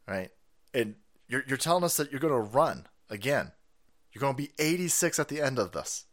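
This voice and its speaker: Profane, lively male stream host. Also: medium pitch, normal speed. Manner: profane, mocking, laughing asides. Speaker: livestream host. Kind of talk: ranting political commentary.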